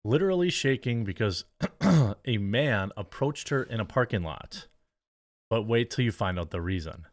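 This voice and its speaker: A man's voice: lowish voice, animated, normal speed, no echo. A man hosting a reaction commentary, mocking and sarcastic as he talks over a clip. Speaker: commentary host.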